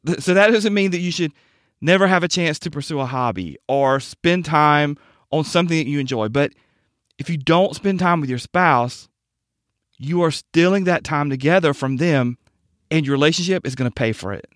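A man giving a scripted Bible-based talk on marriage, measured and emphatic, slowing down to stress key words. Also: a little high, no echo, studio quality. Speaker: marriage teacher.

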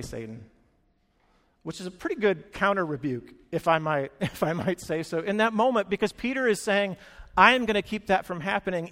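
A high-voiced man delivers a sermon as a pastor, storytelling with big swings from loud excitement to hushed earnestness. He acts out the lines of the people in his stories. His voice rings with a long reverb, as in a large hall.

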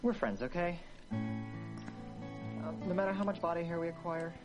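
A man's voice: on the high side, moderate pace, lo-fi sound, over music, lightly acted. An actor playing an earnest, idealistic teenage boy in a TV teen drama, pleading in a sincere way.

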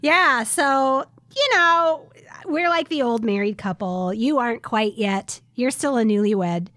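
A woman's voice: a little high, unhurried, a bit bright, dry recording. A middle-aged woman co-hosting a podcast, chatting casually and giggling often. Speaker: podcast co-host. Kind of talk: casual chat.

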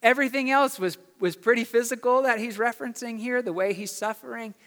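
In a church sanctuary, a pastor preaches a sermon in an extremely high, slightly bright voice at a brisk clip, the sound filling a big room. He drives his points home through emphatic repetition.

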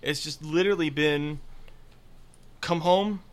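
A young man co-hosting a casual gaming podcast, relaxed and joking in a dry way. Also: fairly high pitch, measured pace. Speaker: podcast co-host.

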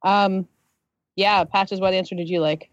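A woman hosting a casual film podcast panel, breezy and quick to laugh. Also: mid-range voice, fairly even intonation, no room sound, lo-fi sound. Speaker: podcast host.

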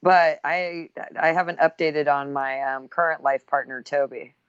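A woman's voice: low-pitched, flat delivery, unhurried, clear, resonant tone, no room sound, lo-fi sound. A woman co-hosting a podcast, chatting casually with dry, wry jokes. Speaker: podcast co-host. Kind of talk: casual chat.

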